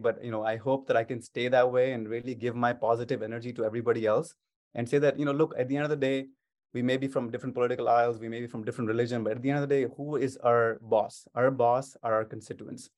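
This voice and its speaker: A man's voice: mid-range voice, fairly even intonation, fast, a little mellow. A man, a state legislator, answering interview questions over a video call in an upbeat, eager way, with many restarts.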